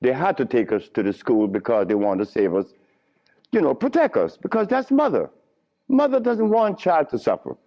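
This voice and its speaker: A middle-aged man lecturing to a live audience, telling stories in an animated way and often chuckling. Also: mid-range voice, moderate pace. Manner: animated storytelling with frequent chuckles. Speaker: lecturer on herbal healing. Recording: lo-fi archival lecture recording.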